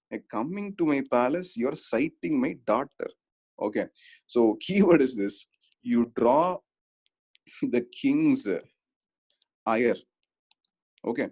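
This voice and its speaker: A man's voice: medium pitch, darkish tone, husky. A man teaching an exam-prep class, telling stories and often checking that students follow. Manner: storytelling with frequent check-ins. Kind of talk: online exam-prep lecture.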